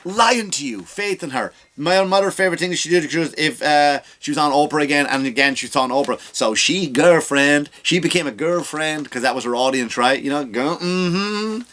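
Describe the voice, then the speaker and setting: A man's voice: on the high side, fairly quick, hardly any pauses, fairly bright tone. A man hosting a comedy podcast, ranting sarcastically about politics with profanity and rhetorical questions.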